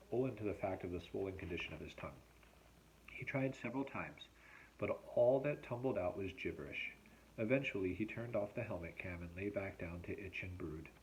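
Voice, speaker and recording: A male teacher reading a novel aloud at home, expressive and measured in his storytelling. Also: deep voice, a little hiss or hum, poor audio.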